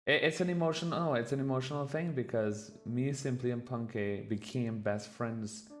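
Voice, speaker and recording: A man's voice: medium pitch, normal speed. A man streaming a reaction to a documentary, talking casually, swearing freely and getting openly emotional. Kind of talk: casual live-stream commentary.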